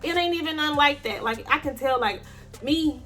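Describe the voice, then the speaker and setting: A woman's voice: high-pitched, brisk, soft background music. A young adult woman speaking African American Vernacular English tells a casual, swear-heavy story to her viewers, calling them y'all. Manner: animated, slangy, swearing, addresses viewers as y'all. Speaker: vlogger.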